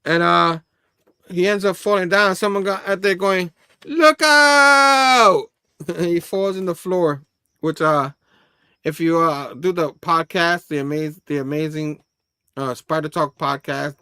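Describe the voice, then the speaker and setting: Guy rambling through a comic review, chuckles a lot, slightly high voice, dry close mic. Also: fairly bright tone, no echo. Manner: rambling, laughing, reads panels aloud. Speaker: host. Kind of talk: casual comic book review.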